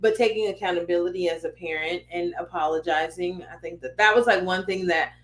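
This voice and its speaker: A woman's voice: on the low side, brisk. Podcast co-host, a reflective and supportive woman, echoey room. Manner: supportive, reflective, many mm-hmms. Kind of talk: casual podcast conversation.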